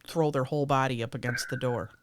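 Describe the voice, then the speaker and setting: A woman co-hosting a casual podcast chat, animated and sweary, slipping into playful voices. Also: extremely low pitch, quick pace, background noise. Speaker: podcast co-host.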